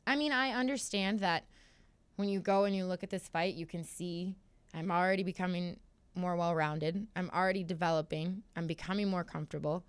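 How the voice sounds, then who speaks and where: A young woman speaks in a smooth, resonant voice pitched a little low, telling her story with open candor. The studio sound is dry and close, and she bounces into quick impressions of people she quotes. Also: no echo. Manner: candid, animated storytelling, acts out quotes. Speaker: guest fighter. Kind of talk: casual interview chat.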